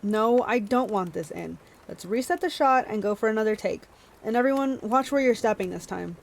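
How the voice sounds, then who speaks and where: A woman reading the lines of an easygoing adult male documentary director in a relaxed, mildly chiding tone. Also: a little high, moderate pace, vocal fry.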